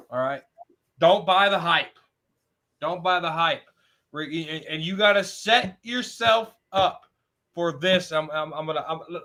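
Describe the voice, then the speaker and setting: A man's voice: fairly high pitch, bright, forceful tone. A man co-hosting a casual sports podcast, emphatic and fond of repeating words for effect. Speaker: podcast co-host.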